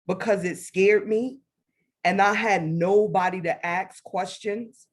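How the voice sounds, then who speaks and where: A woman telling a personal spiritual story as a guest, animated, acting out her own past words. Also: mid-range voice, slow pace. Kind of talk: casual faith testimony.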